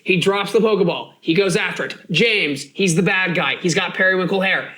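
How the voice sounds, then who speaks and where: High-voiced, jokey young man. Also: fairly quick. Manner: animated, jokey, slips into silly voices. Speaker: podcast host. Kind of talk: casual podcast chat.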